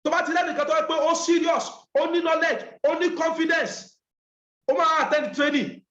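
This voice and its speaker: A man's voice: extremely high pitch, fairly even intonation, fairly quick, fairly bright tone, echoey room, highs cut off. A man leading an online business training, emphatic and repeating key points.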